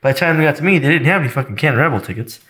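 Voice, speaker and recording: A man's voice: fairly high pitch, expressive, rapid-fire, a bit bright. A middle-aged man in casual chat, teasing and swearing as he tells stories. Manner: profane, storytelling, teasing.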